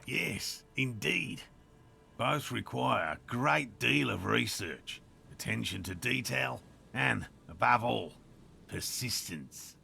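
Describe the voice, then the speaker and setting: A man's voice: medium pitch, lively intonation, takes it slowly, gravelly, sharp tone, slightly rough, heavily acted. An actor playing a pompous, self-assured male cryptozoologist in a video game, with an Australian accent and a lecturing manner.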